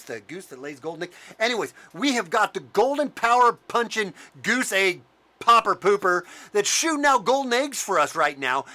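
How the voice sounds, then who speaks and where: A man's voice: sits high, pushed and bright, exaggerated voice. A man mocking a smug scheming official. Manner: sarcastic, gloating.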